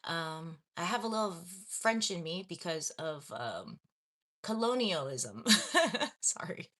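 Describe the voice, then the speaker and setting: A woman's voice: on the low side, sing-song, takes it slowly, a bit bright. A young adult woman from Los Angeles chatting casually on a livestream, reading viewer comments and laughing at herself often. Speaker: livestream host.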